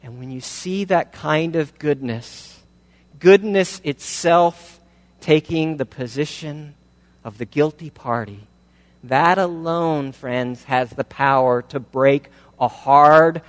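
Male preacher, fairly high voice, emphatic, stacks repeated phrases; long reverb. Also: takes it slowly. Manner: emphatic, builds through rhetorical questions and repeated phrases. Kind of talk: sermon.

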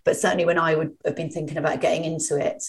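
Woman, 30s, from England, low voice, candid presenter-guest. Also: steady tone, very fast. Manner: frank, self-deprecating, fluent. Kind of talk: casual podcast chat.

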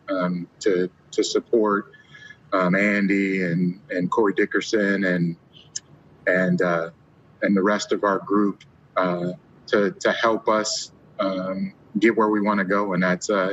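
A man speaking as a team executive in a press interview, measured and halting with many fillers. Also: sits low, flat delivery, fairly bright tone. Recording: dull lo-fi clip with faint hiss.

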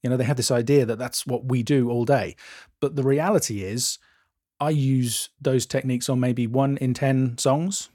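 Husky-voiced Englishman explaining slowly. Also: medium pitch, steady tone, a little mellow, dry recording. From England. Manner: dry, self-deprecating, explains slowly and deliberately. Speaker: co-host, mastering engineer. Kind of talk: casual podcast chat.

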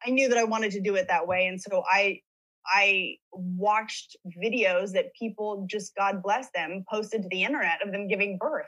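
A woman, an actress guest on a podcast, chatting casually and telling lively stories. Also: medium pitch, moderate pace, poor audio. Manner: chatty storyteller, lively retelling. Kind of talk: casual interview chat.

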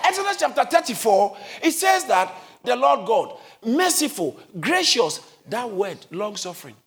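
High-pitched guy preaching loud in church, swoops up and down, crowd murmur behind. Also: sing-song, moderate pace. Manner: often shouting, calls for congregation responses. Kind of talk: sermon. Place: church before a congregation. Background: congregation.

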